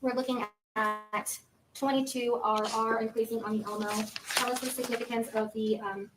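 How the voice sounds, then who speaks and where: A woman with a somewhat high voice examines a witness in a courtroom, working through the exhibits one at a time. She speaks in a formal, methodical way, with a faint noise in the background. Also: fairly even intonation, moderate pace. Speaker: prosecutor questioning a witness.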